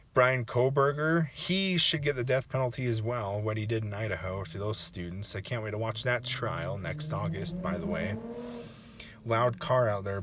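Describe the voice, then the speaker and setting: A man in a casual personal reaction vlog, talking in an emotional, halting way and restarting his sentences. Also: mid-range voice, a bit bright, slight background noise. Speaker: vlogger.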